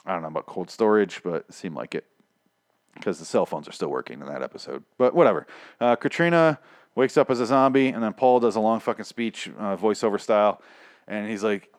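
A man's voice: on the low side, a little fast, dry recording, studio quality. A man giving a casual, sarcastic and profane recap of TV episodes, rambling as he goes. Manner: sarcastic, rambling, heavy swearing. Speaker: show reviewer.

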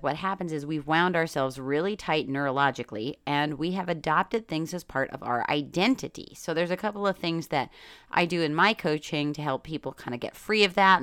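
Low-voiced, crisp woman podcast host. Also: a bit bright, no echo, clean studio sound. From New York. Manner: chatty, storytelling, frequent fillers and swearing. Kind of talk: casual monologue podcast.

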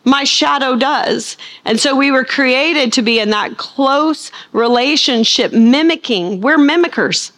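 Fairly high-voiced woman teaching a sermon. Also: a bit bright. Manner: asks the room questions and answers them; slows and stresses key words. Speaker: Bible teacher.

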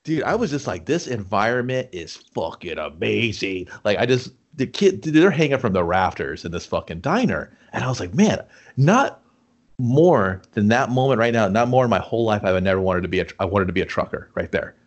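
A man's voice: on the low side, brisk, highs cut off. A man co-hosting a casual chat about a movie, swearing a lot and acting out lines from scenes. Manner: profane, animated, acts out movie lines. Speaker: podcast co-host.

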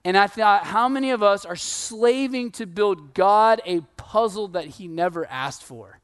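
A man in his thirties preaching a sermon in a conversational, animated way, telling stories and acting out quotes. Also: high voice, unhurried, clear, resonant tone. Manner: conversational, animated storytelling with laughs and acted quotes. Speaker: pastor.

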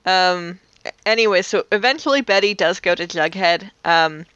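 A woman's voice: fairly low pitch, normal speed, a bit bright, clear, resonant tone, no room sound, dull audio. A woman co-hosting a podcast, recapping a teen drama in loose, swearing chat full of fillers and laughter. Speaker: podcast co-host.

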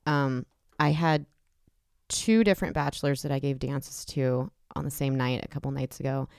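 A woman's voice: a bass voice, steady tone, moderate pace, a little mellow, clean tone, dry recording, studio quality. A woman talking frankly in casual chat as a podcast co-host, chatty and candid with lots of filler words.

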